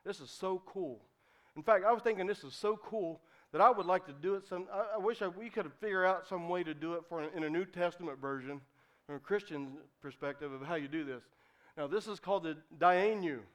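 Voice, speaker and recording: A male pastor giving a sermon, talking conversationally with many restarts and rising into fervent, shouted refrains. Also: sits high, fairly quick.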